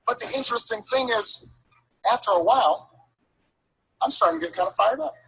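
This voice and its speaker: A man with a high, bright voice tells a story in a speech, letting lines build through repetition. The tone has a slightly husky edge, and he sometimes stumbles over his restarts. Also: animated, rough recording. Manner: building, rhythmic delivery with repeated phrases; halting restarts. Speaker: political speaker.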